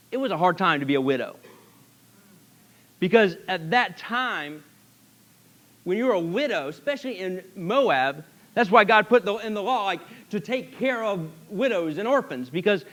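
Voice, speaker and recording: High-voiced pastor preaching. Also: male voice. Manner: animated storytelling, acting out scripture scenes, asking the congregation questions. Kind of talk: sermon.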